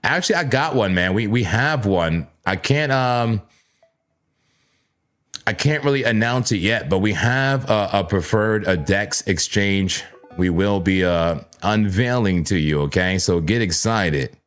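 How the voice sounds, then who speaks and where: A man with a low, deep voice hosts a casual live trading stream. He chats playfully with his viewers, repeats words and corrects himself as he goes, and keeps up a loose, conversational flow over his charts. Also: a little slow, fairly bright tone, soft background music. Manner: playful, chatty, talks straight to chat viewers. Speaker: livestream crypto trading host.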